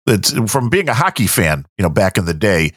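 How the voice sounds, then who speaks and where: A man hosting a podcast with quick, playful banter. His voice sits fairly low but moves animatedly. The mic is close and dry. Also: big pitch swings, fairly bright tone, dry recording. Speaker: podcast host. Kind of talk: casual chat.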